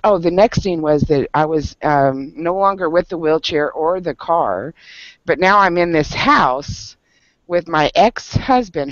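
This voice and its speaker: A man's voice: on the high side, no room sound. A man at a book club meeting, telling a story in casual group talk and laughing often. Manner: animated storyteller, laughs often, many fillers. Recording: dull lo-fi sound.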